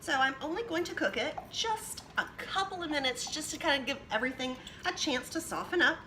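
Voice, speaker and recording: A woman's voice: sits high, expressive, a little fast, pushed and bright, a little hiss or hum. A woman hosting a home cooking demonstration, chatting her way through each step as she works in her kitchen. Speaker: cooking show host.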